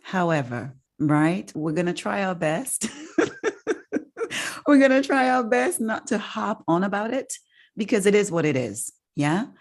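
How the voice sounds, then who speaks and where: A woman hosting a casual podcast, chatty and expressive, laughing often between points. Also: medium pitch, a little slow. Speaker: podcast host.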